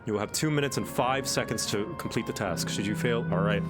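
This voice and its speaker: A man's voice: lowish voice, fairly quick. A man casually commenting while he plays a video game, reading lines aloud and cooing at a pet. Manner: playful, reads game dialogue aloud, coos at pets. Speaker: streamer. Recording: game music playing behind.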